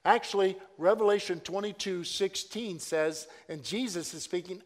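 A man preaching a sermon, swinging between loud proclaiming and hushed, drawn-out asides. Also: high voice, big-room sound.

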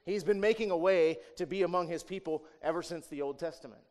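A man preaching a sermon in a conversational way, asking rhetorical questions and tagging lines with "right?", swinging between emphatic raised passages and quiet asides. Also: on the high side, quick pace. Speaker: pastor.

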